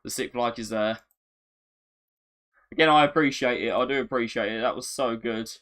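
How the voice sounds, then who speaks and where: A man chats his way through a live gaming stream in an easy, mid-pitched voice. He is excitable and self-mocking, and he repeats phrases as he reacts. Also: moderate pace. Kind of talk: casual live-stream chat.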